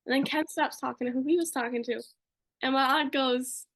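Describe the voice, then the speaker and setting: A woman's voice: high voice, moderate pace, a bit bright. A young woman co-hosting a podcast, telling a story casually and gushing, with lots of fillers. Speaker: podcast co-host.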